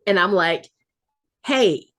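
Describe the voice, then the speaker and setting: A woman's voice: medium pitch, animated, slow pace, a bit bright. A woman in her forties co-hosting a podcast, telling a story in casual chat and acting out the voices of the people she quotes. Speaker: podcast co-host.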